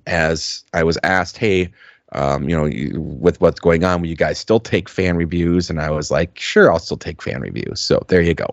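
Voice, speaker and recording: A lower-pitched man co-hosts a podcast in loose, casual chat. He rambles, restarts his sentences and leans on fillers. The sound is dry and dull, like lo-fi podcast audio. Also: no echo. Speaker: podcast co-host.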